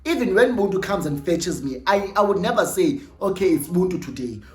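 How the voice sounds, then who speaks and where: A young South African woman with a Xhosa-flavoured accent, casually telling an animated story and switching between English and Xhosa. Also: lowish voice, a little fast, reverberant, faint music behind. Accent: South African, mixing in Xhosa. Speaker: storytime vlogger.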